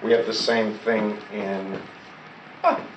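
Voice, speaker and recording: A man's voice: lowish voice, little pitch movement, slow. A man teaching a class, prompting his students to repeat words and answer his questions. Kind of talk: classroom lesson. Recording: echoey classroom recorded from far off with loud background noise.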